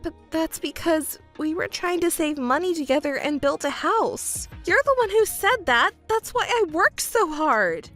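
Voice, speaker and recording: A woman's voice: high-pitched, normal speed, few pauses, soft background music, pitched above the performer's own voice, natural voice. A woman voicing a young overworked fiancée who pleads and argues back defensively. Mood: pleading. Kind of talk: texting story voice acting.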